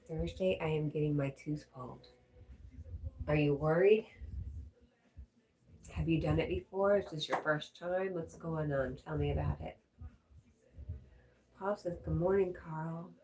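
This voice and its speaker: A woman's voice: deep voice, measured pace, pauses often, dark tone, a little hiss or hum. A woman hosting a casual livestream, chatting and reading viewer comments aloud, a little stuffy. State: stuffy, congested. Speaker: livestream host reading chat.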